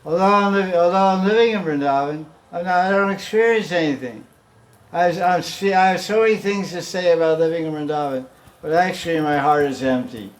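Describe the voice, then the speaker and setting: A man's voice: high voice, fairly quick. A man teaching a devotional class in a loose, conversational way, often chuckling and acting out the pleas he quotes. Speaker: spiritual teacher.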